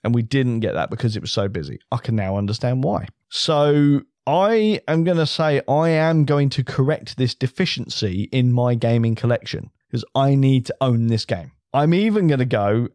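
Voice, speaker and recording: A man's voice: medium pitch, lively intonation, normal speed, few pauses, a little mellow, no room sound, studio quality. A man co-hosting a casual board game chat, enthusiastic and rambling, often restarting his sentences. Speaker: co-host reviewing a board game.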